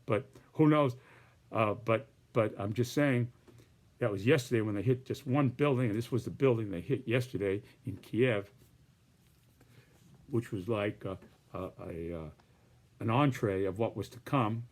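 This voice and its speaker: A man's voice: fairly low pitch, a little slow, long pauses. A man presenting his political cartoons in casual, rambling commentary with many restarts and hedges.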